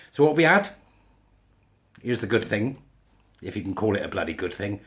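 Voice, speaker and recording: A man's voice: fairly low pitch, animated, fairly quick. A man hosting a podcast in a casual opinion monologue, blunt and sarcastic with a put-on mock Scottish accent. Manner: blunt, sarcastic, swearing, laughs to himself. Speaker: podcast host.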